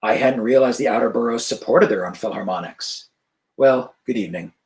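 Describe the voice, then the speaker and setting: A man's voice: medium pitch, fairly quick, lightly acted. A man reading as a dry, formal rich man. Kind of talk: author reading his fiction aloud.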